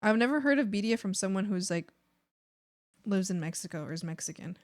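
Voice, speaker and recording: A woman's voice: medium pitch, expressive, brisk. A young woman streams live and chats casually while she draws. Her American accent sounds like a native English speaker's, though Spanish was her first language. She rambles, restarts her sentences and fills the gaps with "um" and "like.". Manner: rambling, many fillers and restarts. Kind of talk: casual chat while drawing.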